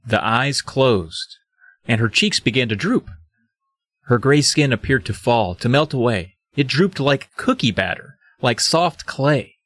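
A man's voice: medium pitch, lively intonation, measured pace, fairly bright tone, no room sound, clean studio sound. A man co-hosting a casual comedic podcast, reading book excerpts dramatically and cutting in with sarcastic, swearing asides. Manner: sardonic, swears, reads dramatically. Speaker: podcast co-host.

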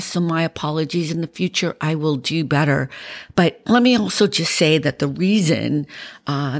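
A middle-aged woman with a Boston accent, a podcast host giving a candid, rambling personal update, tired from going without sleep. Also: sits low. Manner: candid, rambling, with many fillers.

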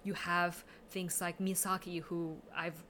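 Chatty woman, bright sharp voice, film talk w/ lots of "like" and "you know", faint room noise. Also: lowish voice, level tone, unhurried. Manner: chatty, analytical, many fillers. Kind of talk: casual film discussion.

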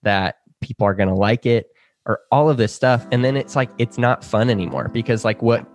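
A man's voice: medium pitch, fairly quick, music in the background. A young man co-hosting a podcast in a casual, chatty way, laughing often and filling his talk with "like". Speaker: podcast co-host. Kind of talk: casual chat.

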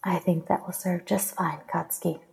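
Woman doing a goddess, soft and crooning, kinda teasing, dark mellow tone. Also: fairly low pitch, brisk, creaky, breathy edge. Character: soft, teasing female goddess, a celestial being.

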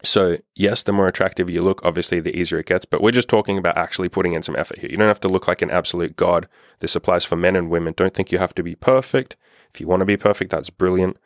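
Blunt deep-voiced man, dry close sound. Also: fast talker, no echo. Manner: blunt, profane, impassioned. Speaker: dating coach. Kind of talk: casual vlog monologue.

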